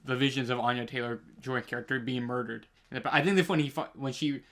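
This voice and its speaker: A man co-hosting a podcast in relaxed, slangy casual chat. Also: medium pitch, a little fast. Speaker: podcast co-host.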